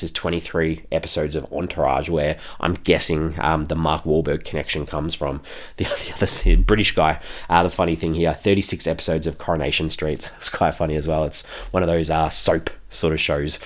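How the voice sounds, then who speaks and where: A tired man hosting a film review podcast in a casual, rambling way, chuckling often between thoughts. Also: low voice. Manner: rambling, chuckles often, many fillers and restarts.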